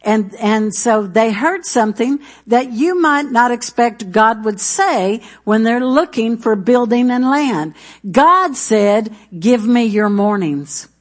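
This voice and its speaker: A woman's voice: on the high side, animated, slow. A middle-aged woman, preaching a sermon in a conversational way, with asides and restarts aimed at the congregation. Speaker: pastor.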